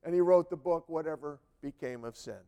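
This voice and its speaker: A man's voice: on the high side, brisk, dark tone. A man preaching a sermon, telling stories emphatically and with animation.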